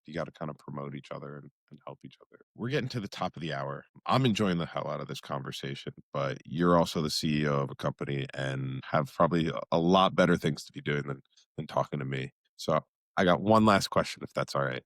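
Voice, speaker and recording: A man with a rumbling low, fairly bright voice talks fast in a clean studio recording with no room sound. An adult with children, he hosts a podcast interview in a friendly, easygoing, casual way.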